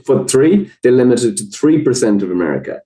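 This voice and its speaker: A man with an Irish accent, a podcast guest explaining research in a thoughtful, measured way with frequent fillers. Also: mid-range voice, sing-song, dark tone, rough recording. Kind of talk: conversational explanation.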